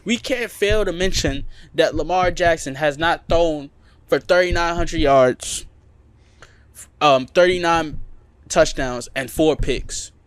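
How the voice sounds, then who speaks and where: A man's voice: a little high, takes it slowly, clean tone, no echo. Emphatic man arguing sports picks. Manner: emphatic, repeats points for emphasis. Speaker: podcast co-host. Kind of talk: casual sports debate.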